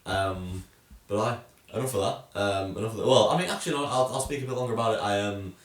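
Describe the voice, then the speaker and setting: Low-ish young guy rattling on about football, echoey room, mic a bit far off. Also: fast. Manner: rambling, lots of ums and swearing. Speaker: podcast co-host. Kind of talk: casual football chat.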